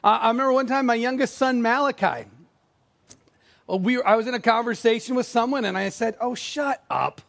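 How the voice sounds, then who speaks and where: A man's voice: extremely high pitch, fairly quick, a bit bright. A middle-aged man preaching a sermon as a pastor, in a conversational, self-deprecating way, acting out quoted lines.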